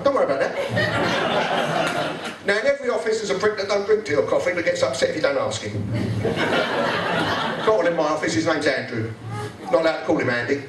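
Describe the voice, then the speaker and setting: A man doing a stand-up comedy routine, blunt and sweary, acting out office characters in quick voices. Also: fairly high pitch, noisy background. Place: live venue with audience laughter. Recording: echoey live room, mic picked up from a distance, crowd audible.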